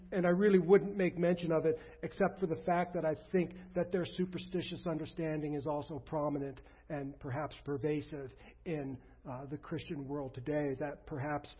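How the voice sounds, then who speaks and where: A man preaching a sermon as pastor, earnest, often dropping to a soft low voice. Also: fairly even intonation, moderate pace, slightly rough, highs cut off.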